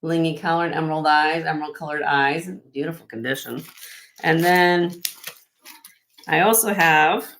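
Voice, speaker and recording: A woman's voice: deep voice, normal speed, fairly bright tone, a little hiss or hum, rough recording. A woman with a Midwestern accent hosting a live-stream jewelry sale, chatty and effusive as she shows off each piece. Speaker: host selling vintage jewelry on a live stream. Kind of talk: live-stream sales chat.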